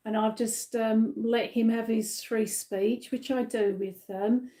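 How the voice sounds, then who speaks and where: A woman from the UK giving a live-stream psychic reading, gentle and reassuring, with many fillers and tag questions, a little tired. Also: fairly high pitch, fairly even intonation, takes it slowly. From United Kingdom. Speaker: psychic medium.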